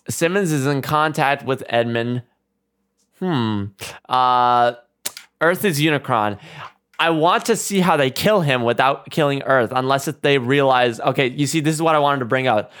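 A man with a smooth, clear voice hosts a laid-back movie chat. He works through his notes out loud, chuckling as he goes. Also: mid-range voice, measured pace, long pauses. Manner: reads from notes, chuckles often. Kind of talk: casual movie discussion.

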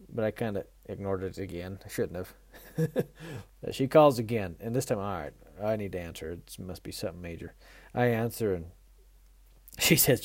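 Folksy, mellow-voiced man telling a story. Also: on the low side, unhurried, no echo, studio quality. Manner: folksy, animated, self-mocking, laughs often. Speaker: mule trainer hosting a tips show. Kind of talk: casual storytelling lesson.

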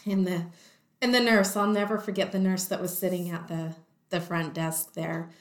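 A woman telling a personal story in a lively way, acting out the voices of the people in it. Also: lowish voice, normal speed. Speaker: guest telling her story. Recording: roomy echo.

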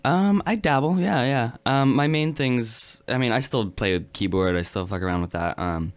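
A man's voice: medium pitch, normal speed. A man from the United States, a touring musician, talking modestly and hesitantly with many fillers in a casual chat.

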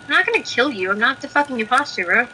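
A woman's voice: high voice, big pitch swings, quick pace, bright, forceful tone, a little hiss or hum, rough recording. A woman playing a video game with her cousin, blunt and laid-back, swearing casually. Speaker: cousin and fellow player. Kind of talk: casual gaming banter.

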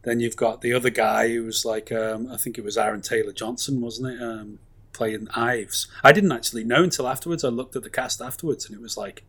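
A man's voice: medium pitch, fairly even intonation, fairly quick, fairly bright tone, breathy edge. A man, chatting casually about films in a rambling, enthusiastic way with plenty of fillers. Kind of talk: casual film chat.

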